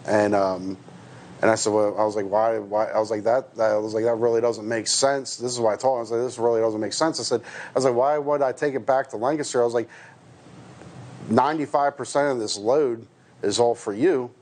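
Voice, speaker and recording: A man's voice: mid-range voice, steady tone, fairly quick, a little mellow. A man from the United States, a truck driver, giving a hesitant personal account with many restarts and fillers.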